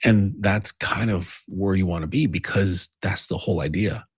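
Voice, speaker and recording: A man's voice: low-pitched, normal speed, husky, no room sound, clean studio sound. A man delivering a rambling, profane monologue as a men's coach. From United States. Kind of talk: casual monologue.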